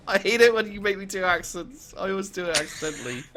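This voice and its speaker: A man's voice: high-pitched, lively intonation, fairly quick, a crowd in the background. A man hosting a casual gaming stream, joking with friends, laughing often and restarting his sentences. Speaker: streamer host.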